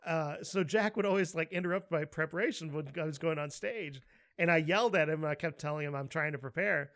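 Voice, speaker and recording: A man co-hosting a podcast, telling a story with lively acted-out quotes and frequent laughter. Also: a little high, fairly quick. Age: adult, with a daughter. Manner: animated storyteller, laughs often, acts out quotes loudly. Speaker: podcast co-host. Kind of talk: casual chat.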